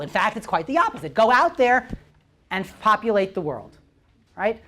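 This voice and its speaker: A male lecturer with a lively, swooping delivery, teaching a Bible class to a room of listeners. He punctuates almost every point with a quick "right?" or "okay?" and keeps turning to quiz the audience. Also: sits high. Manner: constantly checks in with "right?" and "okay?"; poses questions to the audience. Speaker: visiting lecturer.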